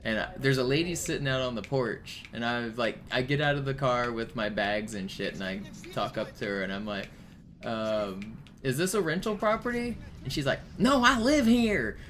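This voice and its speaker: A man's voice: medium pitch, normal speed. A young man streaming a game, telling stories casually with lots of fillers and swearing. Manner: rambling, profane, filler-heavy storytelling. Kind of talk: casual gaming stream chat. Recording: steady background noise.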